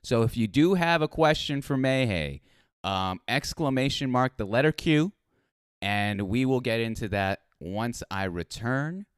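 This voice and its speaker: A man's voice: medium pitch, lively intonation, a little slow, clear, resonant tone, no echo, studio quality. A man hosting a casual streamed interview, laid-back and easygoing, with plenty of affirming fillers. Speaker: host.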